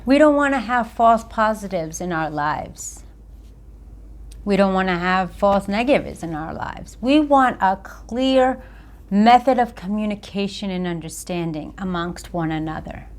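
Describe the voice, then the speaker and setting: A woman accountability coach giving a motivational talk to camera, with deliberate, emphatic phrasing. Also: medium pitch, animated.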